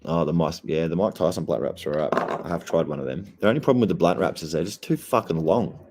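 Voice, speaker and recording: A man's voice: low voice, fast talker, a little mellow. A young Australian man, stoned and laid-back, rambling and swearing heavily in a casual livestream chat. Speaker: streamer.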